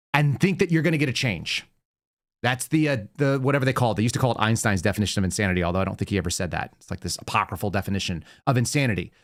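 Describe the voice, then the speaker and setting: Sarcastic guy ranting on his own show, voice jumps all over. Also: mid-range voice. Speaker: show host. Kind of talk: opinionated political commentary.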